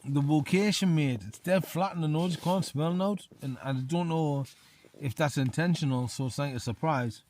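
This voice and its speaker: A man's voice: a little high, moderate pace, darkish tone. A tipsy man reviewing beers to camera from inside a small tent. He chats loosely, keeps saying "mate" and repeats himself. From England. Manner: chatty, says "mate" constantly, repeats himself. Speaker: outdoor vlogger. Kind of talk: casual beer review to camera. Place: small tent in winter hills.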